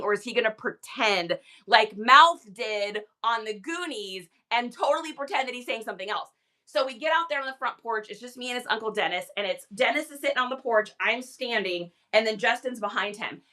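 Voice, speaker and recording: A woman chats through a casual live selling stream in a high, bright voice. She talks loosely, laughs often and leans on "like" as a filler. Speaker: livestream seller host. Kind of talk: casual livestream chat.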